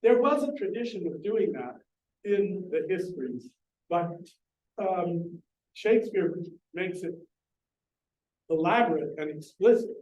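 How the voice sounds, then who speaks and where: High-voiced man lecturing in an echoey room. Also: animated, measured pace, long pauses, darkish tone, dull audio. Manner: earnest, explanatory, addresses the audience with questions. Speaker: lecturer on Shakespeare. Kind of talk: public lecture. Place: library meeting room. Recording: echoey room, distant mic.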